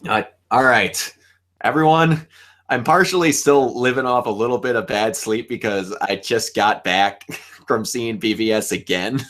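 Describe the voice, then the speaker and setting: A young man hosting a casual fan chat, animated and laughing often, acting out lines as he talks. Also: mid-range voice, a little slow. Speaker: show host.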